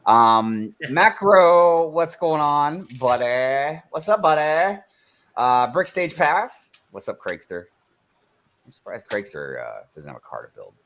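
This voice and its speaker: A man's voice: mid-range voice, very animated, unhurried, fairly bright tone. A man hosting a casual live stream, chatting and greeting viewers.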